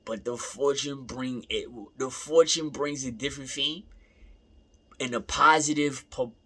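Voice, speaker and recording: A young man goes on a casual, rambling rant in a medium-pitched, slightly bright voice, unhurried in pace. He repeats himself, swears freely, and tosses in laughing asides.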